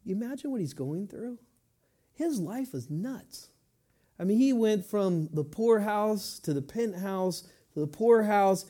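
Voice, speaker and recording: A middle-aged man preaching a sermon, moving between quiet reflective stretches and rising, emphatic passages. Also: high voice, animated, a little slow. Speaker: pastor.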